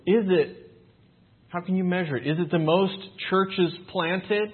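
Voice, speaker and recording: A man's voice: high voice, unhurried, husky. A man preaching a sermon, earnest and emphatic, asking his listeners rhetorical questions and reading Scripture aloud. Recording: tinny phone-like sound.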